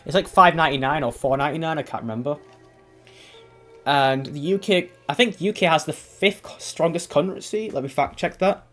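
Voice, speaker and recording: A man's voice: fairly high pitch, fairly quick, fairly bright tone, soft background music. A man from England, chatting casually on a game stream, rambling, swearing offhandedly and restarting his sentences. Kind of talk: casual gaming stream chat.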